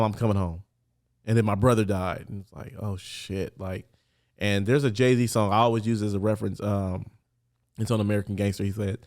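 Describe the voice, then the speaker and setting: Casting: man, low-ish voice, candid and earnest storyteller, casual street talk, podcast guest. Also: a little mellow. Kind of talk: personal storytelling interview.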